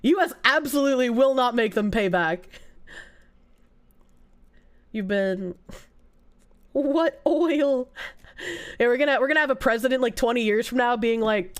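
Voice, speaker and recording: A woman's voice: a little high, unhurried, long pauses. A woman from the United States who streams, chatting casually and sarcastically with her viewers and laughing often. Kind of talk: casual chat reacting to viewer comments.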